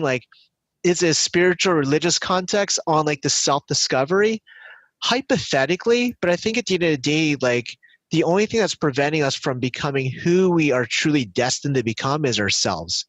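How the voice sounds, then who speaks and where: Male podcast guest, fairly high pitch, dry sound, thoughtful storyteller who restarts sentences. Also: moderate pace, dry recording, poor audio. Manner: reflective, hesitant restarts, lively when telling stories. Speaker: business finance coach as podcast guest. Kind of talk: casual interview storytelling.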